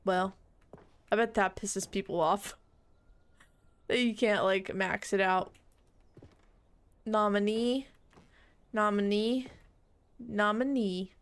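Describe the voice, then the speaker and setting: A young woman streamer chatting casually while playing a game, reading on-screen text aloud and bursting into laughing shrieks. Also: mid-range voice. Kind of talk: casual gameplay commentary.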